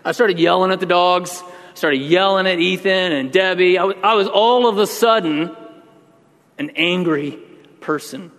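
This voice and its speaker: A man's voice: high-pitched, moderate pace, fairly bright tone. Man preaching a conversational sermon in a reverberant church. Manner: conversational preaching, building to emphatic outbursts. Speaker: pastor.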